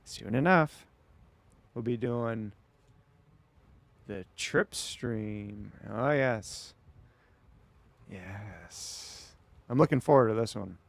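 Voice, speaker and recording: A man's voice: fairly low pitch, animated, very slow, gravelly, pauses often, no room sound. A man streaming late at night, chatting casually and rambling back at his viewers.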